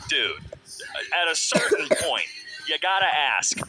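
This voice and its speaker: Lively, sarcastic man with a higher voice. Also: a little slow. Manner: sarcastic, wry asides. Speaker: commentator. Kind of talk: comedic commentary reading out memes.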